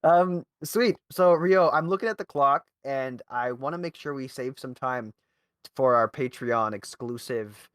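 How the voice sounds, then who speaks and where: Easygoing podcast host, dry sound. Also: male voice, mid-range voice, a little slow, fairly bright tone, clear, resonant tone, no room sound. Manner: friendly, easygoing, laughs often, restarts his questions. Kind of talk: casual podcast interview.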